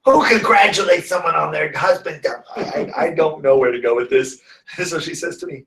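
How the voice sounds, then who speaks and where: On the high side, brisk and creaky, the voice of this guest teacher comes through an echoey room, far from the mic. Originally from the San Francisco Bay Area, USA, he teaches students and clients and livens up his casual interview stories by performing the voices of those he quotes.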